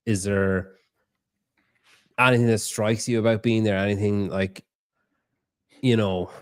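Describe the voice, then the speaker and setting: A man's voice: fairly low pitch, fairly even intonation, measured pace, smooth, no room sound, clean studio sound. A man hosting a podcast, chatting loosely and swearing freely as he asks questions. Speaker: podcast host. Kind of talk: casual interview chat.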